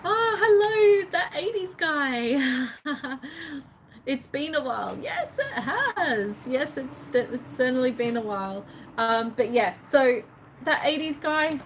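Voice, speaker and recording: A woman talks to her viewers in a relaxed, rambling way, circling back over her words before she finishes a thought. Her voice sits high, and she takes her time. There is a faint hiss of noise underneath. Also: slow pace, low-quality recording. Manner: rambling, repeats words and restarts often. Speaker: live streamer. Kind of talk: casual live stream chat.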